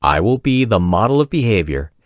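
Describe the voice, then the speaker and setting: A man's voice: lowish voice, very animated, no echo, studio quality. A man doing a courtly, self-assured wizard. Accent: gnomish accent of the fantasy world. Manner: formal, measured and polite.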